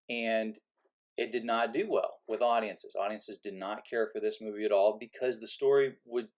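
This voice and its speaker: A man with a fairly low voice vents about films in a sarcastic, rambling way. He trips over his words and restarts often as he talks straight to his viewers. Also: darkish tone. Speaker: movie vlogger. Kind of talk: opinionated rant to camera.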